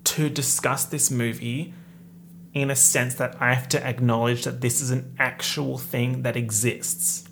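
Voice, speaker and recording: Sarcastic, gravelly movie reviewer. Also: medium pitch, little pitch movement, measured pace, fairly bright tone, a little hiss or hum. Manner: sarcastic, exasperated, swears freely. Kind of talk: comedic movie rant.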